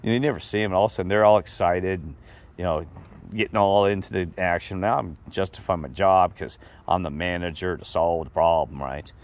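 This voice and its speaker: A middle-aged man telling a rambling, animated story in a casual monologue to his viewers. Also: low voice, brisk. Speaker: vlogger.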